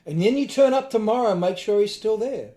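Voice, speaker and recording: A man's voice: high voice, lively intonation, fairly quick, mellow. Earnest Australian man, echoey room. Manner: earnest, emphatic, blunt with swearing. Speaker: podcast guest. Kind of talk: candid conversation.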